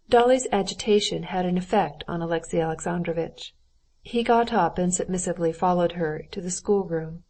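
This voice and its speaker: A woman narrating a classic novel audiobook in a steady, even reading style. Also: on the low side, a little fast. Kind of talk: scripted narration.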